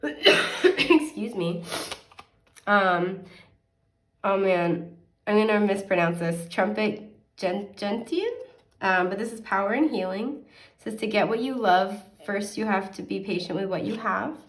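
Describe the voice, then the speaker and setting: A woman's voice: medium pitch, measured pace, long pauses. Young woman tarot reader, casual and chatty, slightly sniffly; recorded off-mic in a roomy space. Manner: chatty, filler-heavy, gentle advice. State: sniffly, with occasional coughs. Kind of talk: casual pick-a-card reading. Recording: echoey room, mic at a distance.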